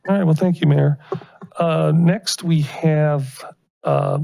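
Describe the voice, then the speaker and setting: Slow gravelly American man presiding. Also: a little high, fairly even intonation, mellow, no echo. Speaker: council president. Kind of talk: council meeting proceedings.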